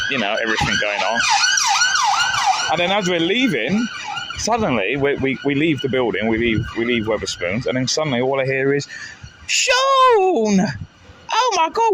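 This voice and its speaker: A man tells a rambling, jokey story on a live stream, tripping over his words and starting sentences again and again. His voice sits in an ordinary middle range. Clear street noise and traffic run behind him outdoors. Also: mid-range voice. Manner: rambling and jokey, with many restarts. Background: traffic and street ambience.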